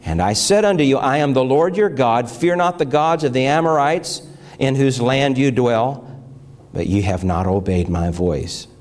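A man's voice: mid-range voice, lively intonation, normal speed, darkish tone. A middle-aged male pastor preaching, reading scripture aloud and telling of his morning, with emotional, fervent swells.

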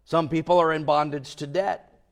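A male pastor preaching a sermon in an emphatic way, dropping to a hush and then rising loud for emphasis. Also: on the high side, fairly even intonation, normal speed. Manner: emphatic, with swings between hushed and loud.

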